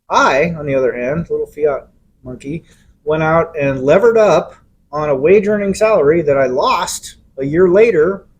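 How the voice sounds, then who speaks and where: A man's voice: high-pitched, slight background noise, low-quality recording. A middle-aged man telling a long anecdote in casual podcast chat, acting out quotes along the way. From Los Angeles area. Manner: rambling anecdotal storyteller, acts out quotes. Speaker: podcast co-host.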